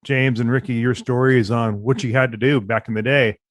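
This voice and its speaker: A man's voice: mid-range voice, steady tone, fairly quick, no room sound. Affirming male podcast co-host, dry sound. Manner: affirming, sums up the talk. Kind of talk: casual interview.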